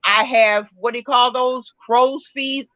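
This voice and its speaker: A woman's voice: on the high side, steady tone, a little slow, lo-fi sound, heavy background noise. A middle-aged woman, a guest in a casual interview, talking candidly and laughing at herself. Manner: candid and self-mocking, laughs often.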